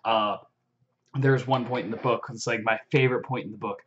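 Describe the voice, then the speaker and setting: A young man excitedly recapping a fantasy novel in a rambling vlog, full of fillers and swearing. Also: on the low side, brisk, slight background noise. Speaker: vlogger. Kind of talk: casual book recap. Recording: dull lo-fi audio.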